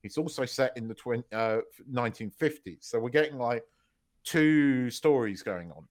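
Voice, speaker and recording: A man's voice: mid-range voice, moderate pace. A man co-hosting a podcast, chatting casually, telling stories with lots of laughter and swearing. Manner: animated storyteller, swears freely, laughs loudly mid-story. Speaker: podcast co-host. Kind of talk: casual chat.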